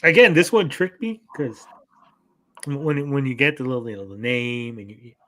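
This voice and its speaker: Male co-host and parent, casual and profane, animated storyteller, mid-range voice. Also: mid-range voice, normal speed. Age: adult parent. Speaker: podcast co-host. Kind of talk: casual chat.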